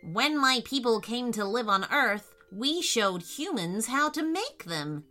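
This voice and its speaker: Woman doing a calm little green alien man. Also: on the high side, a little slow, faint music behind, exaggerated voice. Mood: friendly. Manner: gentle, calm and reassuring.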